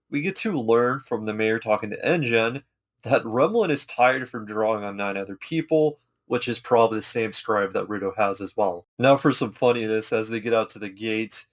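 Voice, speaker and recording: A man giving a casual, enthusiastic recap of an anime episode, retelling scenes in laid-back, slangy talk. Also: medium pitch.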